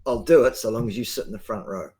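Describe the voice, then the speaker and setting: A man, a guest on a live stream, talking bluntly and forcefully with many ums and restarts, over a video call. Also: on the low side, quick pace. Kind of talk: casual live-stream talk.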